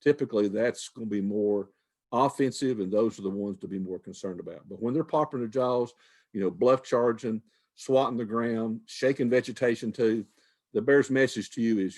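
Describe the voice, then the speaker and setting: A man's voice: medium pitch, normal speed, darkish tone. An older man, a retired wildlife manager, answering questions in a folksy, conversational way with frequent restarts. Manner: folksy, repeats words, restarts phrases.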